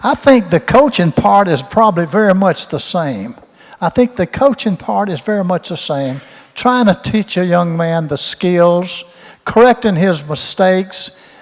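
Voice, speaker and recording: A man, a retired football coach telling rambling, folksy stories and repeating his words at a Q&A. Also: high voice. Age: 80s. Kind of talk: storytelling in a Q&A. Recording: roomy hall reverb.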